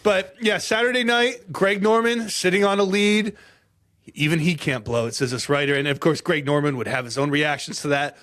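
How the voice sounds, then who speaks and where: A man co-hosting a podcast, telling golf history in a casual, animated way, with dramatic flourishes and frequent laughs. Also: high voice, fairly quick, hardly any pauses. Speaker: podcast co-host.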